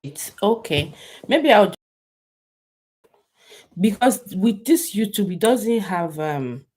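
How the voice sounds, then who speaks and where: A woman's voice: mid-range voice, animated, slow pace, a little mellow, husky. A Nigerian woman chatting casually to her viewers on a live stream, rambling and laughing often.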